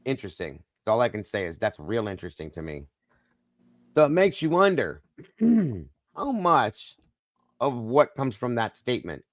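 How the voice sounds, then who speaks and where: A man's voice: medium pitch, very animated, normal speed, a bit bright, no echo. A man hosting a casual live-stream discussion, musing aloud and talking straight to viewers in the chat. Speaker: livestream host.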